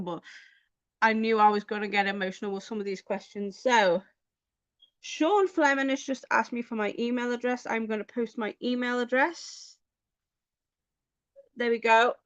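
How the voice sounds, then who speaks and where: A woman vlogging in casual chat, talking in a halting, hesitant way with many fillers. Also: a little high, fairly bright tone, clear, resonant tone, no room sound, highs cut off.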